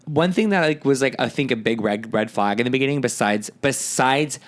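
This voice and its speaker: A man's voice: medium pitch, a little fast. Emphatic male podcast co-host. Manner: emphatic, animated, repeats himself for emphasis. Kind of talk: casual chat.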